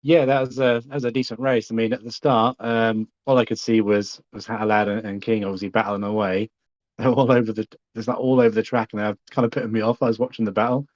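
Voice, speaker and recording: A man, a sim racing driver, recapping his race in a chatty, relaxed way. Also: lowish voice, quick pace, no room sound, dull audio. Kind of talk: post-race interview over voice chat.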